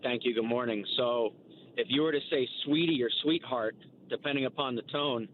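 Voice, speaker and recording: A man's voice: mid-range voice, normal speed. A man calling into a radio show, telling a story in an amused way. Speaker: caller. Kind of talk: phone-in call. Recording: tinny phone line with faint noise.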